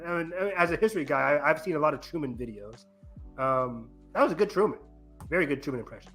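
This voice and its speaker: Excitable young male co-host, pitch bouncing all over, faint music under. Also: quick pace. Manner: excitable, jokey, exclamatory. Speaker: podcast co-host. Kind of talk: casual movie review chat.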